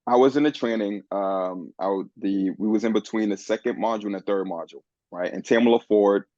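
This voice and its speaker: A man guesting on a podcast, telling a personal story in an earnest, animated way with many restarts. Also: lowish voice, fairly quick, no room sound. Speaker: guest, men's coach. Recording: dull, dry lo-fi sound.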